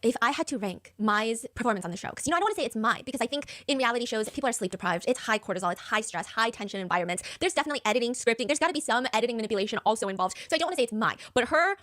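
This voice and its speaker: Fast-talking woman retelling a show. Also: on the high side. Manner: rapid, animated storytelling with lots of "like". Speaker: reaction show co-host. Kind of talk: casual chat, retelling a reality show.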